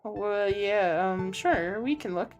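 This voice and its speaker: A woman's voice: medium pitch, lively intonation, takes it slowly, a little mellow, highs cut off, faint music behind. A woman streaming a game, reading the dialogue aloud and putting on goofy voices for the characters. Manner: reads every character herself, swinging between goofy put-on voices and her own. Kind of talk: casual let's-play with read-aloud voices.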